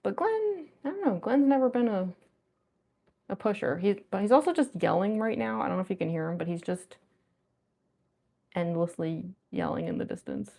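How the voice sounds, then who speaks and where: A woman artist chatting casually on a livestream while she draws at home, talkative and quick to giggle. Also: mid-range voice, animated, creaky, warm tone. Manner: chatty and giggly, with frequent laughs.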